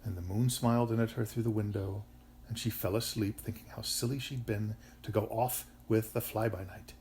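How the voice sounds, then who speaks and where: A man reading a bedtime story aloud to his daughter, telling it in an expressive, animated way. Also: on the low side, moderate pace, a little hiss or hum.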